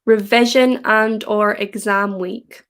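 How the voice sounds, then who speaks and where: A young woman from Scotland with a softened Scottish accent, chatting casually on a livestream and reading viewer comments aloud. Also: mid-range voice, steady tone, slow pace, clean tone. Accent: Scottish, softened by English. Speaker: livestream host.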